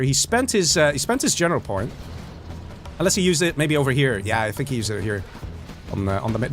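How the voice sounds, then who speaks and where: A man casting a live strategy game, excitable and chatty, joking with his chat. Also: a little high. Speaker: game caster.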